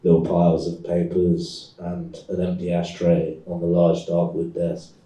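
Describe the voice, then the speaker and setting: A man, the author, reading his novel aloud in a deadpan, measured way at a live event. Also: low-pitched. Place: event space in London. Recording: echoey room, far from mic.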